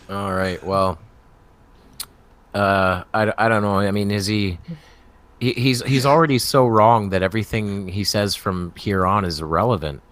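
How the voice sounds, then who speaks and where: A man hosts a casual live chat with a slightly low voice. He is easygoing and laughs often. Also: fairly even intonation, unhurried, long pauses, a bit bright. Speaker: host.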